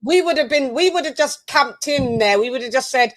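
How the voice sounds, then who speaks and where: A British woman hosting a casual live-stream chat, animated and chatty, often exclaiming. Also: high-pitched, fairly quick. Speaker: host.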